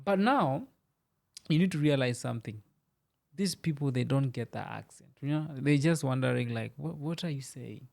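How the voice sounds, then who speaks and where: A man's voice: mid-range voice, moderate pace, creaky, darkish tone. A young man from Kenya hosting a podcast, who challenges his guest in a conversational way and often says "you know". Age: young adult. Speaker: podcast host. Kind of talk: casual debate. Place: podcast studio.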